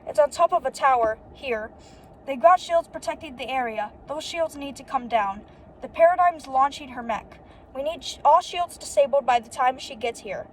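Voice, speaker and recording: High-voiced woman reading a comic aloud haltingly. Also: slight background noise, rough recording. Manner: reads haltingly, repeating "and then she says" and correcting slips; adds brief unsure asides to the reading. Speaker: comic book reader.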